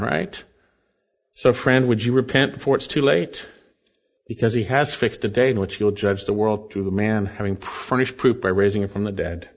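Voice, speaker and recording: Earnest male preacher, slightly muffled recording. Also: mid-range voice. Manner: earnest, emphatic, rising and falling with scripture readings. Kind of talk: sermon.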